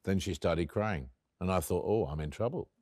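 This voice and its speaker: A man's voice: low voice, normal speed, a little mellow, lightly acted. An actor playing an elderly male author, telling the story of his late love in the first person, wry and tender, acting out both sides of the conversation. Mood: tender recollection. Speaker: actor in a one-man stage play.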